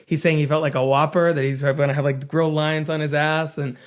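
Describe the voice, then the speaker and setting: A man's voice: on the high side, level tone, a little fast. A man co-hosting a casual film podcast, talking thoughtfully with frequent restarts. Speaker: podcast co-host.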